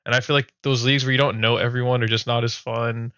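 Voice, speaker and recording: Man, podcast host, mid-pitched voice, easygoing chat, dry slightly muffled audio. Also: level tone, fast, pushed and bright, smooth, no room sound. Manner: easygoing, laughs often. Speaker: podcast host and league commissioner. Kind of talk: casual chat.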